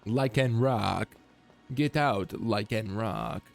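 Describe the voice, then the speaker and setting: A young man streaming a game, chatting casually and jokily, now and then yelping high or humming silly tunes. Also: expressive, measured pace. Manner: laid-back, jokey, breaks into high yelps and silly humming. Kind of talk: casual gameplay commentary. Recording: faint music in the background.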